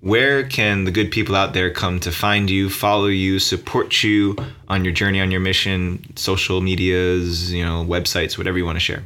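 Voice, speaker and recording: A man hosting a podcast, talking in a relaxed, reflective and playful way. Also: sits low, moderate pace, few pauses. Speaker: podcast host. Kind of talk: casual podcast conversation.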